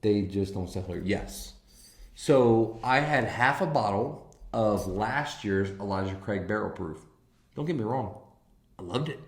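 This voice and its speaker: A man's voice: fairly low pitch, lively intonation, unhurried, roomy sound. A man hosting a casual whiskey live stream, enthusiastic and swearing freely as he talks to viewers in chat. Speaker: whiskey livestream host.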